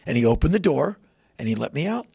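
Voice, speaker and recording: A man guest telling a story in a casual podcast chat, animated, jumping into loud high voices when he quotes people. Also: quick pace, creaky, breathy edge, dry recording. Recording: dry close podcast mic.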